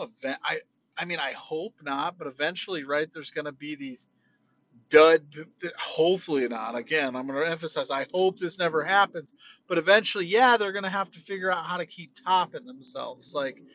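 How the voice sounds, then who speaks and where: Guy with a higher voice doing a quick podcast from his car, animated and chatty, kinda muffled sound. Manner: animated, emphatic, conversational. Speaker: podcast host. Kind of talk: casual wrestling opinion rant. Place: car, driving home.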